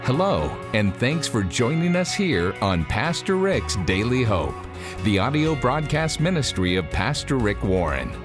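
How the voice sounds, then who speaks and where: Announcer guy reading the show intro, lively up-and-down voice, guitar music under him. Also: mid-range voice, measured pace. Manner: smooth, promotional read. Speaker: radio program announcer. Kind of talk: scripted broadcast announcement.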